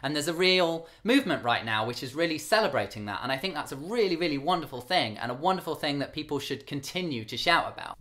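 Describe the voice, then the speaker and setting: A young man talks candidly to camera, his higher-pitched voice carrying a light camp rasp. He speaks earnestly, holding his voice a bit lower than his relaxed register. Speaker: vlogger. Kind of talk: talking to camera.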